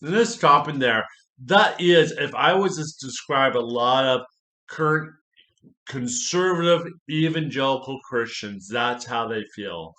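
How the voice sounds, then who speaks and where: A pastor doing a casual book review, rambling and enthusiastic, with many fillers and self-corrections. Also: male voice, medium pitch, measured pace, sharp tone. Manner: enthusiastic, repeats praise.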